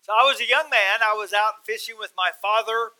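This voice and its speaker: A middle-aged man preaching with a Texas accent, his voice high and very bright. He talks in a folksy, self-deprecating way, then climbs into loud, emphatic bursts. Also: fairly quick, poor audio. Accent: Texan. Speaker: guest preacher. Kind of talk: sermon.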